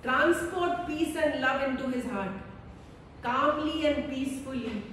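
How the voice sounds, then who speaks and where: A woman giving a calm, meditative devotional talk on scripture, with a slow, repetitive, soothing delivery. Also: sits high, slight background noise. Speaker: spiritual teacher. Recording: echoey hall, voice from far off.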